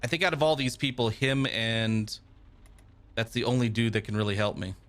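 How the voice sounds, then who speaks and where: A man's voice: medium pitch, fairly even intonation, normal speed, a bit bright. A male streamer playing a text game live, reacting casually and reading the narration aloud.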